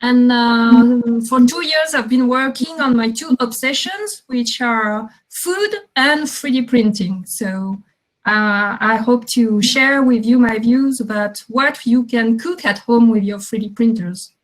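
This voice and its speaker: A woman with a French accent introduces herself on a panel. Her voice sits high. She speaks hesitantly, with frequent fillers. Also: slow, poor audio. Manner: apologetic, hesitant, many fillers. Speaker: panelist, company founder.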